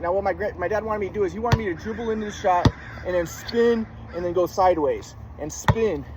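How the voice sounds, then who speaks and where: Rambling man, slightly high voice. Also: fairly quick. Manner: rambling, with many repeated words and restarts. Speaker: storyteller recounting his youth. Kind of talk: casual monologue with demonstrations. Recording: clear background noise.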